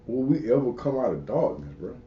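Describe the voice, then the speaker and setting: A man's voice: mid-range voice, big pitch swings, fairly quick, roomy sound, lo-fi sound, a little hiss or hum. A man hosting an interview, laid-back and slangy, often affirming his guest. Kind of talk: casual interview chat.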